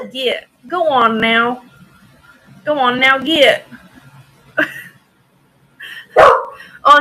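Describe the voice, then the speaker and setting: A woman's voice: medium pitch, heavy background noise. A woman hosting a casual live-stream auction, chatting with viewers by name and laughing often.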